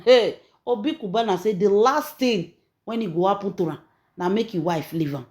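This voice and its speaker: A Nigerian woman hosting her own channel, telling gossip in an emphatic, preachy way that swings between loud and soft. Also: medium pitch, lively intonation, normal speed. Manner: emphatic, preachy, rising and falling in loudness. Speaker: channel host and gossip storyteller. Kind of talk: animated gossip commentary.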